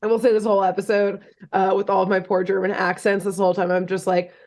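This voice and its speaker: A woman's voice: medium pitch, flat delivery, fast talker, a little mellow. A woman co-hosting a podcast, retelling a cartoon episode in a jokey, rambling way with many fillers and laughs. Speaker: podcast co-host recapping a cartoon. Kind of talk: casual chat.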